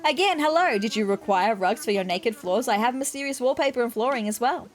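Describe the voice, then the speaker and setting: A woman's voice: a little high, lively intonation, fairly quick, lightly acted. A woman reading the lines of a mysterious female rug merchant in a cozy game, in a grand, theatrical way.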